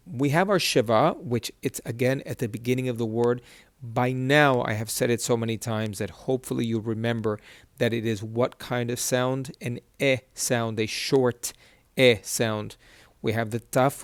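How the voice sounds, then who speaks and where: Male teacher, mid-pitched, close dry mic, patient and repetitive, breaks words into syllables. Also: no echo. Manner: patient, repeats each syllable slowly. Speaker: Hebrew reading teacher. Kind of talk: whiteboard lesson.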